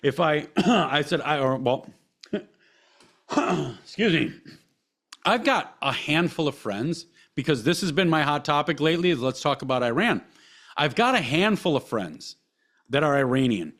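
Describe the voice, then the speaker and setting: A man's voice: on the high side, lively intonation, unhurried, fairly bright tone. A man hosting a podcast, ranting solo with heated, profane emphasis and repeated phrases. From United States. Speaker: podcast host. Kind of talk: impassioned solo podcast rant.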